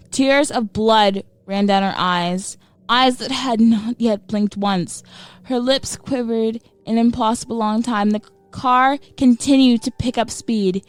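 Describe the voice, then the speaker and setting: A woman giving a slow, emotional and dramatic reading of a scripted horror story. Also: a little high, clear, resonant tone, no room sound. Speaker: narrator.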